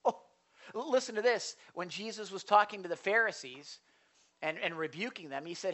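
Speaking fairly quickly in a high voice, a pastor delivers an animated sermon into a stage mic in a church sanctuary. He alternates quiet asides with loud, forceful passages.

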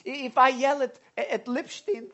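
A man's voice: very high-pitched, normal speed, bright, forceful tone, dull audio, voice pushed up. A man voicing an old male shepherd who talks lovingly about each of his sheep. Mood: fond.

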